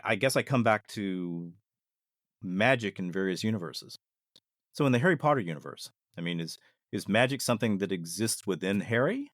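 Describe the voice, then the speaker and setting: Animated man telling stories. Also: lowish voice, no echo, clean studio sound. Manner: animated, reflective, with frequent restarts. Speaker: podcast guest. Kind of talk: casual storytelling.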